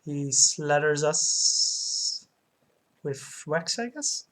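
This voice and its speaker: A woman casually commenting on a retro game as she plays it, talking slowly with frequent fillers and light laughs. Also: low-pitched, animated, a bit bright. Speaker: game streamer. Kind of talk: let's play commentary.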